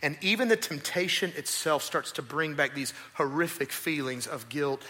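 A male pastor preaching a sermon at a church service, animated and acting out voices. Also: on the high side, moderate pace. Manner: animated, acts out voices and asides.

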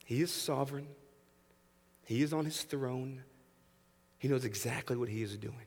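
Man, pastor, 30s, animated sermon, hushed to loud, acts out voices, mid pitch, long church hall reverb. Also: normal speed, slightly rough. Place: church sanctuary.

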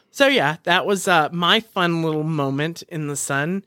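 A woman telling a story in casual chat, animated and acting out the people she quotes. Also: deep voice, measured pace, dry recording, studio quality.

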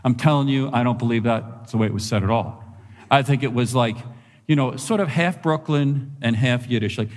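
A male pastor preaching a sermon in a church, animated and conversational, repeating phrases for emphasis. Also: mid-range voice, normal speed. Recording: long reverb of a large hall.

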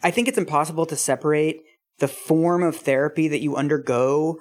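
A woman's voice: sits low, a little fast, darkish tone. A woman co-hosting a podcast in casual chat, analytical and blunt, swearing casually. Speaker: podcast co-host.

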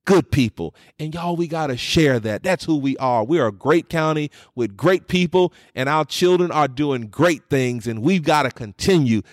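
A man's voice: a little high, lively intonation, moderate pace, hardly any pauses, dry recording, studio quality. A man giving an earnest, encouraging address to students and parents as a school district leader, repeating phrases for emphasis.

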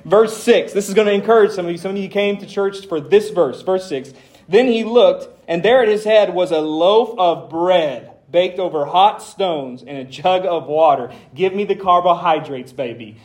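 Male pastor, fairly high voice, casual sermon delivery with deadpan jokes. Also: normal speed, few pauses. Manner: conversational preaching with dry humor; reads scripture aloud with dramatic emphasis.

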